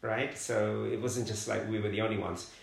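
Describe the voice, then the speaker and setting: A middle-aged man from London telling his life story in an interview, halting and repeating words as he searches for them. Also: fairly low pitch, flat delivery, creaky. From London, England. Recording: roomy echoey room.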